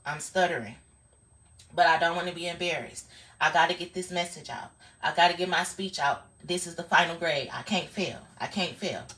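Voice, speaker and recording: A woman voicing a nervous student who stutters and quietly pleads to get through a final speech, her voice hushed and anxious. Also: lowish voice, normal speed, voice pushed down, natural voice. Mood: anxious pleading.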